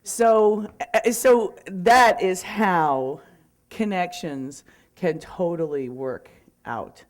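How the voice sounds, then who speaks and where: Chatty woman with a lowish voice. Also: extremely slow. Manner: chatty, rambling, self-correcting with many fillers. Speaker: real estate speaker. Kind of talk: casual storytelling.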